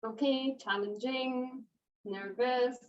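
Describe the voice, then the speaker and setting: A woman hosting an online webinar in a chatty, casual way, laughing often and filling pauses with "okay" and "you know". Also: high-pitched, fairly even intonation. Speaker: webinar host. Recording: dull, distant webinar audio.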